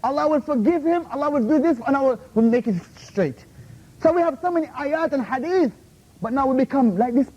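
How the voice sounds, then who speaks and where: Man, very high voice, rapid-fire scolding rebuttal at a university talk; muffled recording. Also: lively intonation, warm tone. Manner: confrontational, repeatedly demands "Huh? How?"; scolding, drops Arabic terms into English. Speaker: invited Islamic speaker. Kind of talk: heated Q&A rebuttal. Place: university lecture room.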